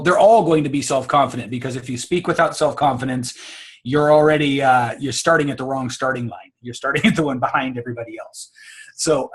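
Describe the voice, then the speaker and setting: An American man, a guest coach, explaining ideas in an expressive, teacherly way and laughing often. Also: medium pitch, slightly rough. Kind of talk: conversational interview, explaining.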